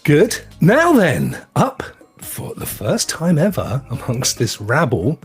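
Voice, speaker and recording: A man's voice: fairly high pitch, huge pitch swings, slow pace, soft background music. A man hosting a live show, joking and teasing as he introduces his panel. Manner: jokey, teasing introductions with lots of laughs. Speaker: podcast host. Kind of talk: casual live show banter.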